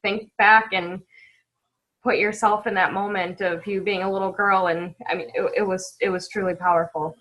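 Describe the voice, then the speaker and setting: A woman speaks over a video call from her home, her voice bright and forward. She talks in a heartfelt, halting way, pausing to collect herself and apologize. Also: mid-range voice, steady tone, rough recording. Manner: emotional, halting, tearful at times, apologizes often. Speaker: event attendee sharing a recap. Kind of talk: casual video call recap.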